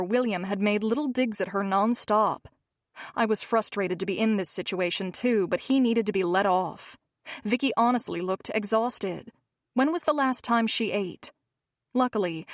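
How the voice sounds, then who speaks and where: A woman narrating a romance novel in first person, measured and steady. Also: medium pitch, dry recording, clean studio sound. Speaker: audiobook narrator.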